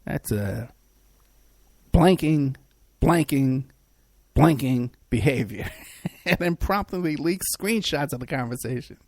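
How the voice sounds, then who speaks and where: A man's voice: mid-range voice, lively intonation, takes it slowly, long pauses, a little mellow, no echo. A man hosting a podcast who also works as a private investigator. He talks in a rambling, sarcastic way, with many fillers and restarts. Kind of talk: casual mocking commentary.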